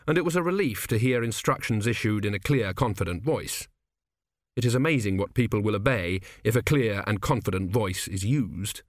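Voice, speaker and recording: A male audiobook narrator reads a scripted text aloud, telling the story in a measured, wry way. His pitch is medium, and the studio recording is clean with no room sound.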